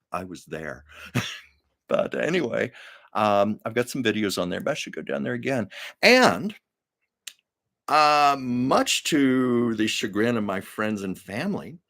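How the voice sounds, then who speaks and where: A man's voice: medium pitch, gravelly, a bit bright. An older man hosting a live stream, telling rambling stories in a chatty, casual way with frequent fillers.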